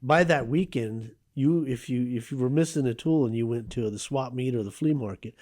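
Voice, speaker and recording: A man in his fifties, a guest author on a radio interview, telling stories from his past in an animated, conversational way. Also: mid-range voice, brisk.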